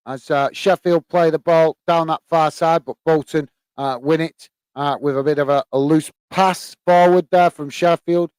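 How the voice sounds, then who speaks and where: On the high side with fairly even intonation, this man keeps a moderate pace, hardly pausing, in a clean, echo-free tone. The English host of a live football watch-along chats with viewers and offers loose, filler-filled play-by-play, breaking into shouts when goals go in.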